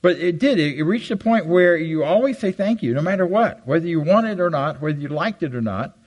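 An older man giving an animated, self-deprecating storytelling talk to a live audience on a handheld mic. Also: a little fast, rough recording. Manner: animated, jumps high for quoted voices. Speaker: guest speaker. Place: hall with audience. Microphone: handheld microphone.

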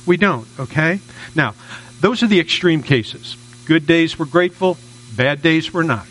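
A man's voice: a little high, expressive, unhurried, a bit bright, rough recording. A man preaching a sermon in a conversational, repetitive way, often checking in with listeners. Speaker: minister.

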